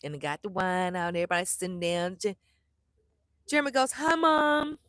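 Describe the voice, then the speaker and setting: A middle-aged woman vlogger telling a story to her live chat in a blunt, animated way, swearing freely and acting out the people she quotes. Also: lowish voice, fast talker, no echo.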